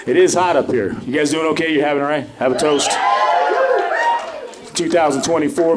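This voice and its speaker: High-voiced stand-up comic in a loud club. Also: male voice, brisk, pauses often, very noisy. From Colorado Springs, USA. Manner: animated storytelling, lots of fillers. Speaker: stand-up comedian. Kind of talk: stand-up comedy set. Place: comedy club stage. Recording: live club with crowd laughter.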